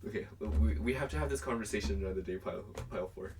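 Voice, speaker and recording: A man's voice: fairly low pitch, fast talker, a little mellow, a little hiss or hum. Chatty young man reading tarot, mic distant. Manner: chatty and rambling, heavy use of "like". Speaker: tarot reader. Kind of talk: casual pick-a-card tarot reading to camera.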